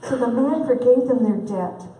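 A woman voicing a calm male teacher telling a parable in measured storytelling tones, heard in a roomy hall from a distant mic. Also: a little high, a little hiss or hum, lightly acted.

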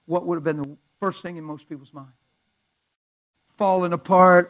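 A fervent male preacher tells a story in a slightly higher voice. He talks to his listeners conversationally and often sinks to a hushed near-whisper. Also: little pitch movement, brisk, poor audio. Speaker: pastor. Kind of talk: storytelling sermon.

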